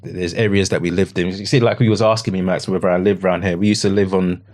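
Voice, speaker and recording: A man on a podcast recounting a painful personal experience. He speaks haltingly, repeats phrases, quotes his own words, and often drops to a hushed voice. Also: sits low, steady tone. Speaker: podcast guest. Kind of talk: emotional personal account.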